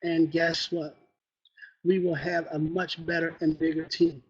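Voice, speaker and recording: Husky man giving a preachy training talk. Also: a little high, flat delivery, measured pace. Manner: preachy, calls for "amen" and asks the listeners questions. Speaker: team trainer. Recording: dull lo-fi recording.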